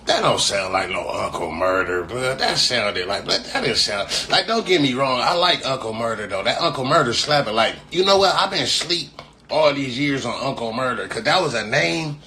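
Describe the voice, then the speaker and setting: A man from California rambles loosely to his viewers, swearing freely and circling back to the same phrases. His voice sits at a middling pitch with a bright, forceful edge, and a faint hum of background noise runs behind him. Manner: profane, slangy, repeats phrases. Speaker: streamer. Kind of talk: casual rambling live talk.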